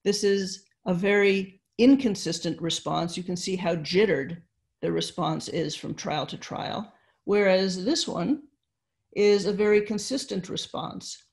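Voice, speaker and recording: Slow-talking woman lecturing online. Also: medium pitch, vocal fry, darkish tone. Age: older. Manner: slow, explanatory, with fillers and restarts. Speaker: neuroscience lecturer. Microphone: computer mic on video call.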